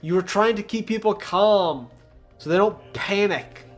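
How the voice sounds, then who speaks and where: High-voiced sarcastic male game streamer. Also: measured pace, faint music behind. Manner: sarcastic, profane, mocking. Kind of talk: live game commentary.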